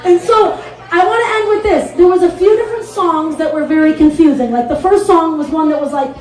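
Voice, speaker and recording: A woman's voice: extremely high pitch, brisk, darkish tone, soft background music. A woman from the Midwest in her thirties doing a candid, rambling stand-up set at an open mic. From American Midwest. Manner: candid, rambling storytelling with many fillers. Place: bar stage at a live open mic. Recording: echoey live room.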